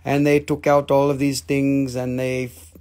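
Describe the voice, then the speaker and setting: A man's voice: medium pitch, completely flat delivery, moderate pace, a little mellow. A man hosting a live rock and mineral sales stream, chatting in a loose, joking, rambling way. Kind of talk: casual live sales chat.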